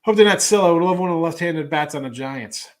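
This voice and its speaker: A man's voice: a little high, quick pace. A middle-aged man hosting a sports betting show, talking casually in a rambling way with lots of fillers and restarts.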